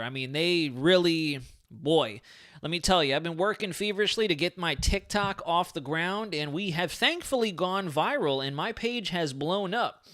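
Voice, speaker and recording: A man hosting a live weather stream in a casual, excitable, rambling way, his speech a little slurred from a sore lip. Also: on the high side, clean tone. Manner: chatty, excitable, rambling asides. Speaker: weather livestream host. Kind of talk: casual livestream weather talk.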